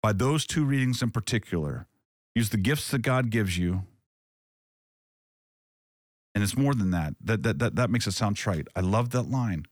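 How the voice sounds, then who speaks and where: A man's voice: fairly low pitch, expressive, normal speed, dry recording, clean studio sound. A man hosting a casual faith podcast, talking earnestly and reflectively, often restarting his sentences. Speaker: podcast host.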